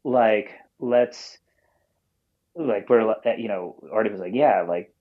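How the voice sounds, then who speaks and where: A man's voice: on the low side, slow. Rambling man on a dull call-in line. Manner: rambling, heavy with fillers and swearing. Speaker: guest calling in to a podcast. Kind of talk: casual storytelling.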